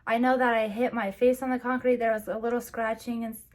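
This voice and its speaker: A young woman vlogger, teary, telling a personal story in a halting way with many restarts. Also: on the high side, little pitch movement.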